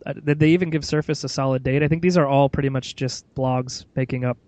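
A man's voice: mid-range voice, steady tone, fast, darkish tone, dry recording. Guy hosting a tech podcast, chatty and opinionated, lots of uhs, dry close sound. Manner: rambling, filler-heavy, opinionated. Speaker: podcast host. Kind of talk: casual tech chat.

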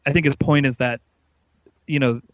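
A man's voice: medium pitch, normal speed, no room sound. Man, podcast co-host, casual rambling chat, dry close sound. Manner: rambling, animated, many restarts.

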